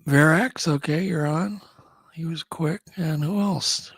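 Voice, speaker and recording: Gravelly husky male radio co-host. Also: a little high, takes it slowly, no echo. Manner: chatty, laughs often, plays clips. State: coughing with a cold. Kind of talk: casual radio show chat.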